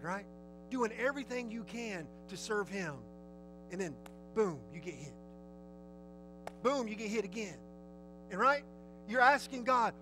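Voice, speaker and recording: A male preacher with a strikingly high, bright voice tells a story to his congregation. He keeps asking his listeners questions as he goes. Soft instrumental music plays faintly underneath. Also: rough recording. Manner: lively, storytelling, asks the audience questions. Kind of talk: sermon.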